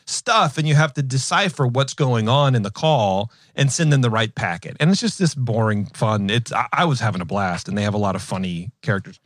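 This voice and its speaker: A podcast host in his thirties chats casually in a mid-range voice, talking fairly quickly with hardly any pauses. His storytelling is rambling and animated, packed with fillers and restarts, and the sound is clean studio audio with no room sound.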